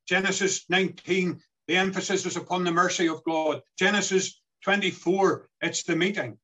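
A man delivers an earnest sermon. His voice is fairly high and bright, with a husky edge. It rises and sinks as he works through scripture. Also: steady tone, normal speed, poor audio. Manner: earnest, swelling and dropping as he quotes scripture. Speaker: preacher.

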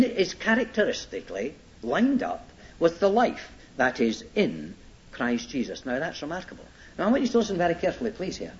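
A man's voice: extremely high pitch, a bit bright. A man teaching a Bible sermon, emphatic, repeating his points and checking that listeners follow. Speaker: preacher. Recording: dull lo-fi old sermon tape.

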